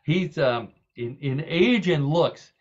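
A man's voice: a little high, animated, takes it slowly, muffled recording. A man hosting a podcast in casual, comedic chat, telling jokes and laughing often. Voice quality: jokey, laughs often, tells gags. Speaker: podcast host.

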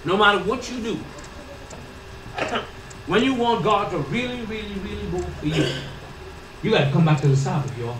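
A woman's voice: medium pitch, animated, normal speed, pauses often. Woman preacher, emphatic, repetitive call-and-response, distant room mic in a reverberant hall. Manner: call-and-response with the congregation, swinging from loud to hushed. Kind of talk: sermon. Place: church or ministry hall. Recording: echoey hall, distant mic, background noise.

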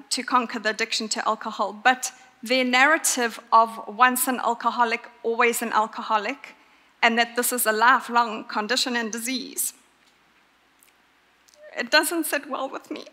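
A woman preaches a sermon with a bright, forceful voice set fairly high. She talks earnestly and leans hard on her key points, and her words ring out with the long echo of a church hall. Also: fairly even intonation. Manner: earnest, emphatic, with pauses for stress.

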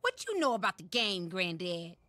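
A woman voicing a sharp-tongued, cocky young boy in a cartoon, sounding blunt and sarcastic. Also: lowish voice, sing-song, normal speed, no room sound. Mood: mocking. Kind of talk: cartoon voice acting.

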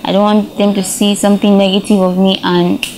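A woman's voice: mid-range voice, flat delivery, brisk, darkish tone, slight background noise, poor audio. Young Nigerian woman answering casually. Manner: casual, ends phrases with "yeah?". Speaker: interview guest, social media performer.

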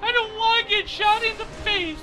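A man voicing a whiny, put-upon monster from a video game in a high, squeaky voice. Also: fairly even intonation, normal speed, music in the background.

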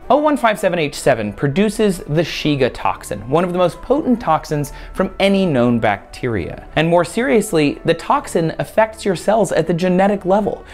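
A woman hosting a science explainer video, playful and jokey with lively asides. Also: on the low side, moderate pace, hardly any pauses, soft background music.

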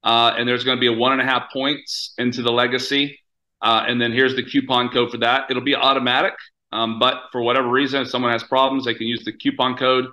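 An American man hosts a company video call with a bright, forceful voice. He sounds pumped up and talks loosely, full of fillers and restarts. His voice comes through a computer mic. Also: mid-range voice, level tone, brisk, low-quality recording. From United States. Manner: upbeat, hyped, many fillers. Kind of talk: casual webinar hosting.

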